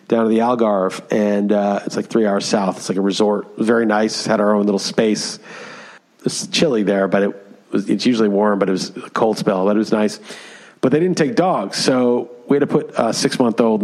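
A man co-hosting a podcast, telling a story in casual chat, animated and full of fillers. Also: mid-range voice. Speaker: podcast co-host.

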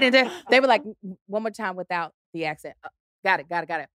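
A woman's voice: medium pitch, fast, no echo, clean studio sound. A woman telling stories as a podcast guest in casual chat, acting out quotes and laughing often. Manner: animated storyteller, acts out quotes, laughs often.

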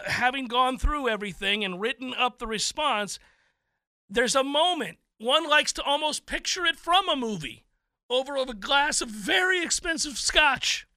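A man hosting a sports talk show, telling stories in an animated, theatrical way. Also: extremely high pitch, smooth, dry recording. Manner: animated, theatrical storytelling with laughs. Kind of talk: casual chat.

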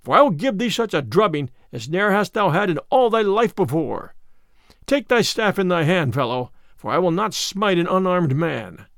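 A man doing blustering Little John, loud and bold. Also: sits high, big pitch swings, normal speed, no room sound, studio quality, full character voice. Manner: loud, blustering archaic speech. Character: bold blustering male outlaw giant.

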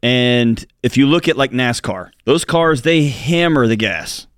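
A man's voice: medium pitch, animated, measured pace, fairly bright tone, clean tone, no room sound, studio quality. A man co-hosting a call-in radio show, speaking emphatically and bluntly in casual talk.

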